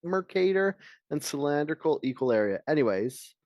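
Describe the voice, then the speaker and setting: A man's voice: a little high, lively intonation, moderate pace, darkish tone, no echo. A man co-hosting a podcast in casual chat, rambling nerdily and swearing offhandedly. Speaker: podcast co-host.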